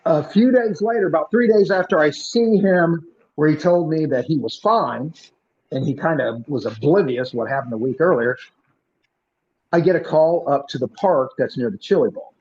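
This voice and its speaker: A male podcast host and former police officer telling a story in an animated, punchy way, acting out the dialogue. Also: on the high side, moderate pace. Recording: muffled lo-fi recording.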